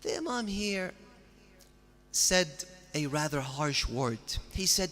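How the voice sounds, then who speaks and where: A man's voice: fairly high pitch, lively intonation, takes it slowly, a bit bright. A man giving a religious sermon, telling stories with earnest, rising emphasis. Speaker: preacher. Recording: long hall reverb.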